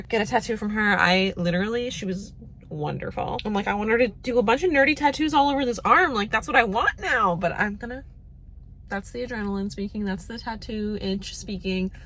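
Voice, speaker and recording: A woman's voice: mid-range voice, fast talker, fairly bright tone, slight background noise. A young woman vlogging in a bubbly, rambling, casual way, with lots of fillers. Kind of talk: casual chat.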